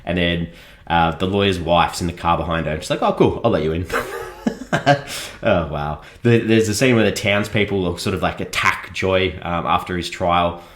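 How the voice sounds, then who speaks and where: A man's voice: low-pitched, fairly even intonation, normal speed, a bit bright. A man casually reviewing a film on a podcast, chuckling often as he mocks what he saw. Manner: chuckles often, mocking and critical.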